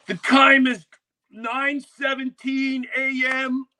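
A man putting on a shrill plane-crazy kid. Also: little pitch movement, heavily acted. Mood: matter-of-fact. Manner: shouting, high and drawn-out. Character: plane-obsessed twelve-year-old boy, eager and excitable.

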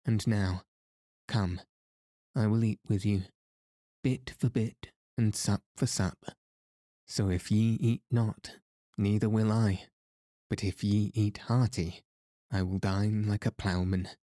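A man's voice: on the low side, steady tone, slow, pauses often, dark tone, dry recording, clean studio sound. A man voicing a bold, teasing little noblewoman. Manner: playful, coaxing.

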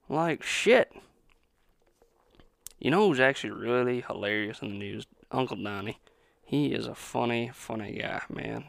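A man's voice: on the high side, gravelly, fairly bright tone, dry recording, studio quality. A man in his twenties ranting on his own podcast, rambling, sarcastic and full of profanity. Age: 20s. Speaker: podcast host. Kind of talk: profane solo podcast rant.

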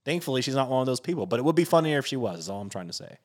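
A man's voice: mid-range voice, big pitch swings, racing. A man co-hosting a podcast in casual, joking chat, swearing and laughing often. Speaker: podcast co-host.

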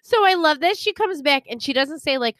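Lively, sarcastic young woman gossiping. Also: sits high, a little fast, dry recording. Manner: animated, chatty, laughs often, sarcastic. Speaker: podcast co-host. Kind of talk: casual gossip chat.

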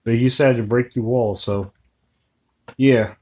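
A man co-hosting a podcast in casual chat, making wry deadpan jokes. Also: medium pitch, unhurried, breathy edge. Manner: joking, wry, deadpan asides. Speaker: podcast co-host.

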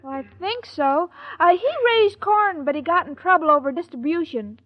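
Super high ditzy sweet girl, naive, muffled old radio sound. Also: animated, moderate pace. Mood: innocent. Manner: naive and earnest. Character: scatterbrained, sweet young woman. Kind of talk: 1940s radio sitcom acting. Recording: dull old radio recording.

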